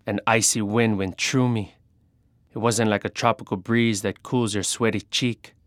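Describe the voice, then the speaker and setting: A man narrating an adventure story in the first person, measured and dramatic. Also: lowish voice, fairly even intonation, no room sound, studio quality.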